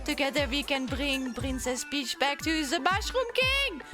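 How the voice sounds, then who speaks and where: Woman streamer doing a high, hammy Mario with a mangled accent, slow and bouncy. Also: big pitch swings, over music. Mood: goofy. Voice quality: exaggerated slow sing-song fake accent. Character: Mario, cheerful plumber hero, man, put-on accent.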